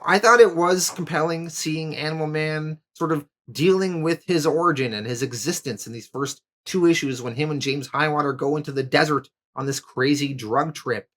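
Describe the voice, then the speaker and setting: A man narrating a comic book story recap and then giving his review, in a casual, relaxed way with occasional filler words. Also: on the high side.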